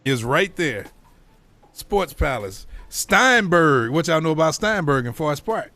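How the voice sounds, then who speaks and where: A man's voice: fairly high pitch, sing-song, measured pace, bright, forceful tone. Slangy male radio host reminiscing. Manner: reminiscing, quizzing cohosts in slangy banter. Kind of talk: casual radio chat.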